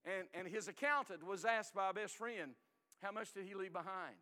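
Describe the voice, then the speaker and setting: Older guy preaching, folksy, goes loud then real quiet, big echoey hall. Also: sits high, normal speed. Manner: folksy, emphatic, swings between loud and hushed. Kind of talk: sermon.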